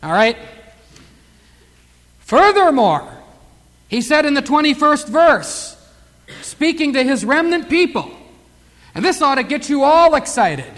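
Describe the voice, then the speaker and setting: A man preaches with a high, ringing voice that swells on his key words. His sermon echoes with the long reverb of a large hall. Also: sing-song, slow, pauses often, fairly bright tone. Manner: fervent preaching, surging emphasis on key words.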